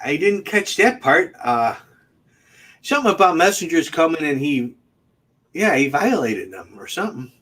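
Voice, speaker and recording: A man co-hosting a casual comedy chat show, rambling in a deadpan way. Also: a little high, moderate pace. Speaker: co-host.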